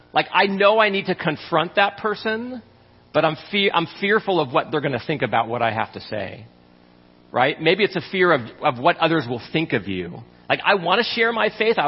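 Husky man preaching in a reverberant hall. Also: on the high side. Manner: conversational, frequent "right?" asides, repeats himself. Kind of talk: sermon. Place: church sanctuary. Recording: lo-fi recording with long hall reverb.

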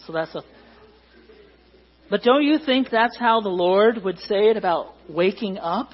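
A middle-aged pastor preaching in a church hall, conversational and joking with the congregation. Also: male voice, high-pitched, unhurried, slightly rough, lo-fi sound. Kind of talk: sermon.

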